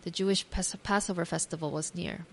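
Lower-pitched woman retelling a Bible story. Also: fairly quick, gravelly. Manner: imaginative retelling with gentle asides; reads scripture aloud. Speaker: devotional speaker.

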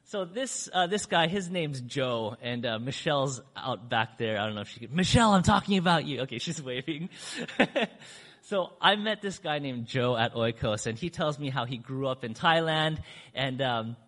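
Animated man telling a story in a hall. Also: normal speed. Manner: acts out quoted speech with big pitch swings; chatty, with fillers and restarts. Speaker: church speaker telling a mission story. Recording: long hall reverb.

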